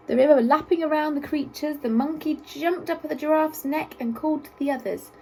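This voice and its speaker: A woman reading a children's story aloud in an expressive, sing-song way. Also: sits high, brisk, hardly any pauses, rough recording.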